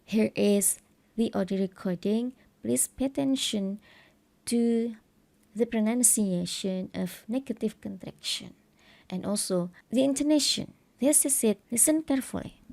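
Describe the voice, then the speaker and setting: A woman teaching English pronunciation and grammar, explaining a textbook lesson slowly and stressing the example words. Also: fairly high pitch, gravelly, warm tone.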